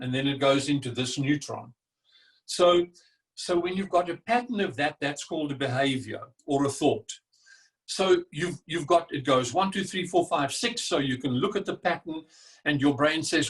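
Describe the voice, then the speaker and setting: An older man giving a motivational talk on stress, emphatic and animated, acting out what the brain says, heard a little away from the mic. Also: fairly high pitch. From South Africa. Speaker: speaker. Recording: distant from the mic.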